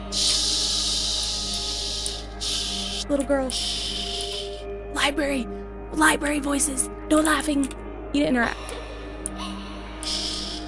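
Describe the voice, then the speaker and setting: A young woman streaming a horror game, jumpy and talking to the game as she plays, often exclaiming and swearing at it. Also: a little high. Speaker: gaming streamer. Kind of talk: horror game let's play commentary. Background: game music.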